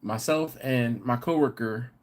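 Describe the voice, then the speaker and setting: In a mid-range voice that runs a little slow, the American host of a live barbecue channel chats casually on stream. He's a rambling storyteller who reads viewer comments aloud.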